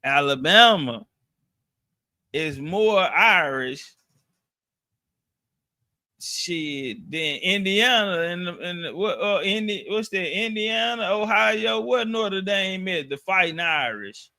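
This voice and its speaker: A man telling a travel story in loose, slangy casual talk, full of restarts and profanity, sometimes sinking to a low mutter. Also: lively intonation, takes it slowly, bright, forceful tone, no echo.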